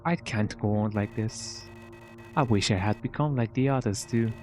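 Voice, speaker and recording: A man's voice: normal speed, darkish tone, soft background music, natural voice. A man reading aloud as a lonely android cut off from its kind, in a put-on British accent and a raised, theatrical voice. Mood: forlorn. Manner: reads lines in a mock-dramatic, higher voice. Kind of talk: live reading of game dialogue.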